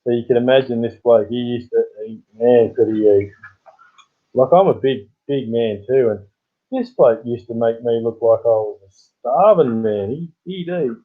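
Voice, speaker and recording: A man's voice: mid-range voice, moderate pace. Rambling Australian man on tinny audio. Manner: rambling storyteller who chuckles often. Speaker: livestream host. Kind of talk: casual live-stream chat. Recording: tinny phone-like sound.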